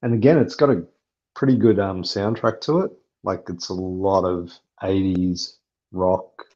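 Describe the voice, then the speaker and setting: A man's voice: deep voice, steady tone, measured pace, a little mellow, highs cut off. A man hosting a casual movie watchalong, easygoing as he leads the stream and talks to the chat. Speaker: channel host.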